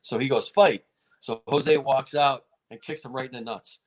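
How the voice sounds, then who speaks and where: A man's voice: medium pitch, moderate pace, a loud crowd. A man being interviewed, telling a fight story in casual talk and acting out the quotes in a raised voice. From United States. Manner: animated, acts out quotes in a raised voice. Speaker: martial arts federation president, guest.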